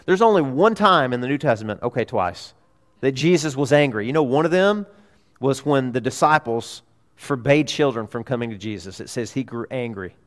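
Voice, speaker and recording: A man preaching a sermon as a pastor in a church, emphatic, repeating key phrases and swinging between loud urgency and hushed tones. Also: medium pitch, animated, normal speed.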